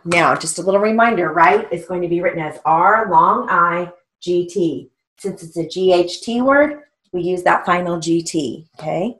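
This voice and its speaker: A woman teaching a stenography lesson, dictating short phrases slowly and spelling out letters, checking in with an occasional "okay?". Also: on the low side. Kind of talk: slow, deliberate dictation lesson.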